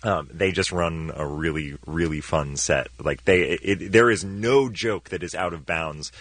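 Low, bright-voiced man rambling casually. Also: measured pace, no room sound. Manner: rambling, full of restarts and fillers. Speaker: guest actor. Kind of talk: casual chat.

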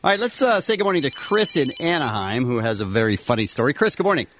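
A man hosting a morning radio show, joking and quick to laugh while taking calls. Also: medium pitch, big pitch swings, fairly bright tone, slight background noise.

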